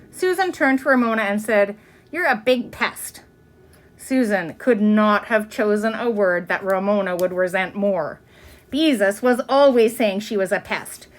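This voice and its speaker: A woman reading a children's chapter book aloud, expressive from line to line. Her voice sits a little high and moves up and down with lively melody. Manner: expressive, with many pitch swings. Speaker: reader.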